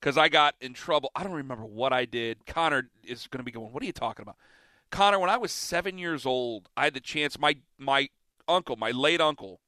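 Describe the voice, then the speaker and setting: A man's voice: medium pitch, fairly quick, dry recording. A man hosting a sports talk radio show, taking calls and arguing his points with emphatic energy. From Ohio. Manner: lively, emphatic, talks back to callers.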